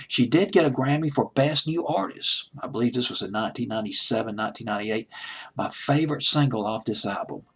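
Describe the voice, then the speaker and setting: A man's voice: mid-range voice, gravelly, breathy edge. A man hosting a home-made countdown show, talking casually and enthusiastically with asides and restarts. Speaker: countdown host. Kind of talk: casual radio-style countdown talk.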